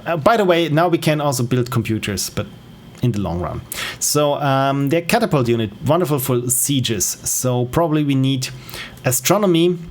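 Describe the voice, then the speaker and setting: A man's voice: medium pitch, slight background noise. German-accented man casually streaming a game. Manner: thinking aloud, with frequent fillers and self-corrections.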